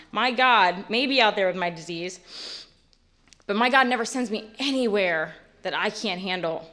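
A woman's voice: mid-range voice, moderate pace, pushed and bright. A woman in her late twenties giving a candid, rambling personal testimony at a recovery meeting, full of fillers. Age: late 20s.

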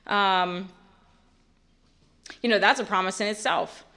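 A woman's voice: mid-range voice, slow pace, vocal fry, bright, forceful tone. A woman in her late twenties giving a candid, rambling personal testimony at a recovery meeting, full of fillers. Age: late 20s.

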